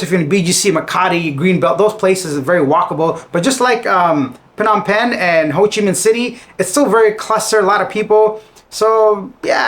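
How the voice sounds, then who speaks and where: Male host, high-pitched, casual commentary, chatty and opinionated. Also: fairly bright tone. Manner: chatty, reads items then adds opinions. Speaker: news commentary vlogger.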